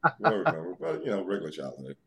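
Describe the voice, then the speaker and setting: A man's voice: deep voice, huge pitch swings, rapid-fire, creaky. A man from New York City, a guest on a casual podcast interview, talking in a laid-back, teasing way and quizzing the hosts. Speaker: guest, former pro wrestler.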